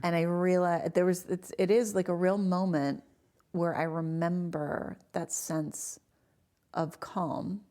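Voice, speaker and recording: A woman in her forties, her voice sitting a little low, tells her own story in a relaxed podcast conversation. She is animated and acts out the people she quotes as she goes. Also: slow pace. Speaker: guest. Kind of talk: casual storytelling in a podcast interview.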